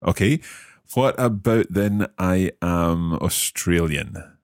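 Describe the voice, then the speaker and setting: A man's voice: sits low, takes it slowly, darkish tone, dry recording, clean studio sound. A man hosting a language lesson, asking questions and carefully repeating new phrases. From Scotland. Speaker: learner host of a language lesson.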